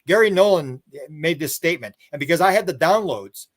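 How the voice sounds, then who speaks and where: A man's voice: fairly high pitch, expressive, fairly quick. An older man, a guest author and researcher, telling long rambling stories in a casual interview. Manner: rambling storyteller who acts out other people's words.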